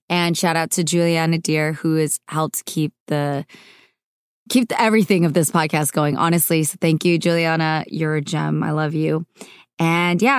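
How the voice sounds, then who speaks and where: A woman's voice: lowish voice, dry recording, clean studio sound. A woman hosting a podcast, closing the episode with thanks in a chatty, grateful way that has small slips and laughs. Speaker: podcast host. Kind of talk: casual podcast outro.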